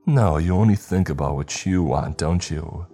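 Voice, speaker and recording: A man's voice: low-pitched, normal speed, warm tone, husky, soft background music. A man voicing a growly, mocking sinister entity. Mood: snapping. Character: taunting sinister male entity, childish growly voice.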